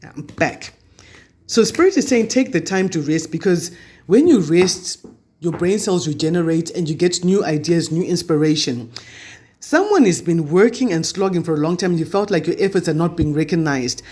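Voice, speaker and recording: Guy doing a chatty tarot reading, pretty high voice, reassuring tone. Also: lively intonation, moderate pace, a little mellow. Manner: chatty, reassuring, spiritual guidance. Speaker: tarot reader. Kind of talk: weekly tarot reading to camera.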